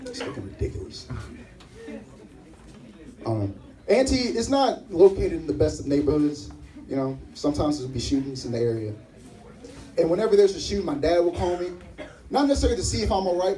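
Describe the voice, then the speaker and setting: A young adult man with a high voice performs stand-up at a live comedy venue, telling stories and putting on voices for the people in them. He's far from the mic, and the recording quality is low.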